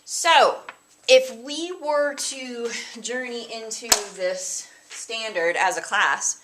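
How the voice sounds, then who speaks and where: A woman's voice: fairly high pitch, takes it slowly, noisy background. A woman teacher giving a recorded math lesson to her students, chatty and casual, breaking into sing-song mnemonics. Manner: chatty, explains with sing-song mnemonics and playful put-on voices.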